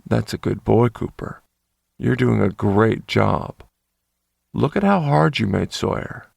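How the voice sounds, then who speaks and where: Guy doing a calm bossy dom lover, low sexy voice, kinda gravelly, takes his time. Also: no room sound, clean studio sound, exaggerated voice. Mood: calm, coaxing. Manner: gentle authority, unhurried. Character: commanding male dom, calm, coaxing.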